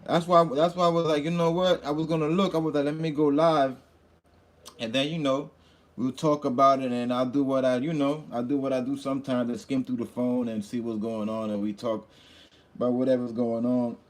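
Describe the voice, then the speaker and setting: A man hosting a loose, casual livestream at an everyday middle pitch. He calls out loud hype greetings to viewers by name, then drifts into rambling, mumbled asides while he looks through his phone. He sounds a touch hungover. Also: little pitch movement, a little fast. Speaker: livestream host.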